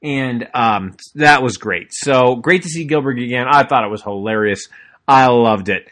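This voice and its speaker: A young adult man hosting a podcast in a middle-pitched voice. He gives a casual, excited wrestling recap that rambles, restarts his sentences and leans on plenty of ums and uhs. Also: moderate pace. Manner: enthusiastic, rambling, frequent fillers and restarts. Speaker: podcast co-host.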